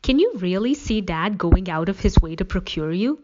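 Woman doing a snarky big sister, snapping back, high protests, dull sound. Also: lively intonation, normal speed, dark tone. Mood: defensive. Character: sarcastic adult older sister, defensive.

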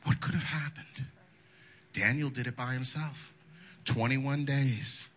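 A man's voice: medium pitch, fairly even intonation, slow pace, sharp tone. A male pastor preaching a sermon in a folksy, colloquial way, wandering into asides.

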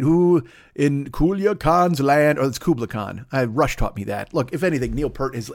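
Rambling, foul-mouthed man ranting for laughs. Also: a little high. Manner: profane, rambling, puts on silly voices. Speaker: podcast host. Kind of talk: comedic rant.

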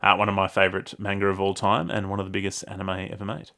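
A man's voice: sits low, level tone, very fast, creaky, bright, forceful tone. A man with an Australian accent co-hosting a podcast, chatting casually, laughing often and stumbling over words. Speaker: podcast co-host.

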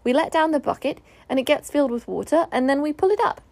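Woman doing a sensible young boy, high and clear, slightly gravelly. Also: fast, a little mellow. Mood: explaining. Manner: sensible, decisive.

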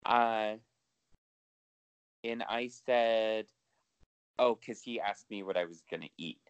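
A man's voice: fairly low pitch, takes it slowly, smooth, no room sound, highs cut off. A man co-hosting a podcast in casual chat, talking freely with lots of swearing and laughter. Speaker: podcast co-host.

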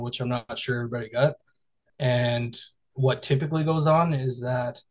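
A man on a casual podcast, speaking bluntly and swearing often as he presses his point. His voice sits at an ordinary middle pitch. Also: a little mellow, rough recording. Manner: blunt, profane, lecturing about respect. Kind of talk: casual fantasy sports chat.

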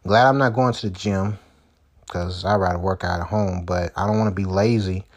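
A man's voice: deep voice, steady tone, moderate pace. A man hosting his own solo podcast, talking loosely and rambling with lots of fillers like "you know" and "man". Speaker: podcast host. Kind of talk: solo casual podcast chat.

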